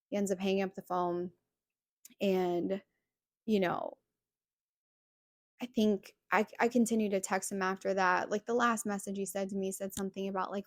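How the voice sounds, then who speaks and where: A woman's voice: mid-range voice, vocal fry, dry recording, clean studio sound. A woman hosting a podcast, candidly telling a personal story and recounting back-and-forth dialogue in a casual way. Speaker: podcast host.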